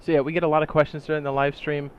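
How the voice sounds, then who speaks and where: A man hosting a gaming update video, chatting casually and excitedly, throwing in silly sound effects. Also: fairly high pitch, racing, lo-fi sound, slight background noise. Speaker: gaming channel host.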